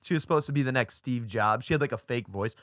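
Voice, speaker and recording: A man's voice: mid-range voice, fast, a bit bright, dry recording, studio quality. A young man co-hosting a casual podcast, rambling through a story with lots of fillers and swearing. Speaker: podcast co-host. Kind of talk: casual chat.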